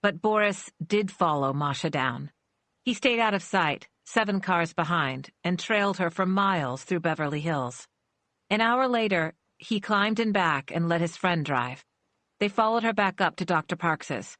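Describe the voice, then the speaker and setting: A woman reads a suspense audiobook with a low voice, measured and steady. Close studio mic, dry sound with no room. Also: no echo. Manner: measured storytelling, voicing characters with small shifts. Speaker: audiobook narrator. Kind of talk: scripted narration.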